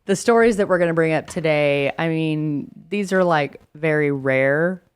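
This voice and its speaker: A woman with a low voice, co-hosting a relaxed podcast about hairdressing. She talks in a chatty way and often rephrases her thoughts as she goes. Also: normal speed, clean tone. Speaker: hairstylist and podcast co-host. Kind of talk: casual podcast chat.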